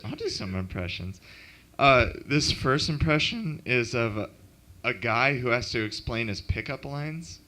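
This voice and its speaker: A man doing a deadpan, self-mocking stand-up comedy set at an open mic in a club. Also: mid-range voice, measured pace, few pauses.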